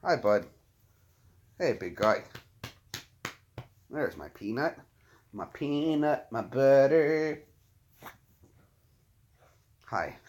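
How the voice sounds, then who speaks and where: A man hosting a casual live chat, often cooing soft baby talk to his dogs. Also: medium pitch, expressive, extremely slow, long pauses, a little hiss or hum. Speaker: channel host.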